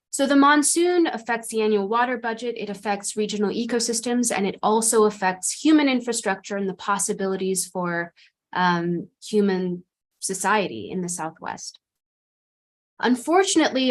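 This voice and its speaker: Woman, mid-pitched, careful seminar speaker over a video call. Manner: measured, explanatory with frequent "um".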